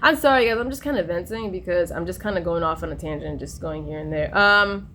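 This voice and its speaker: Her voice fairly low in pitch but pushed and bright, a young woman vlogger talks fairly quickly through a rambling personal video. She hops between stories with many fillers and restarts, and a little hiss or hum is present.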